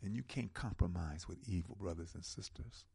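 Gravelly, impassioned male radio host. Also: deep voice, mellow. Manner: impassioned, preaching cadence with emphatic slow stresses. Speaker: radio talk show host. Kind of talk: call-in radio talk.

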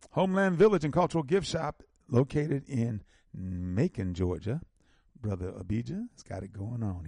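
A man hosting a community radio show, reading out local announcements and repeating phone numbers slowly with emphatic stresses. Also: medium pitch, warm tone, breathy edge, dry recording, clean studio sound.

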